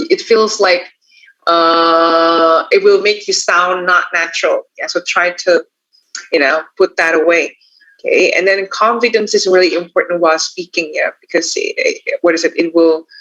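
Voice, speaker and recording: A tutor with an Indonesian accent talks through exam tips in a loose, casual way. Phrases keep ending with a quick "yeah" or "you know". The voice sits at a middle pitch, and the recording sounds muffled and lo-fi. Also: sharp tone. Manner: chatty, tacks on frequent "yeah" and "you know". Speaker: English test tutor. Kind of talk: casual teaching talk. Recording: dull lo-fi recording.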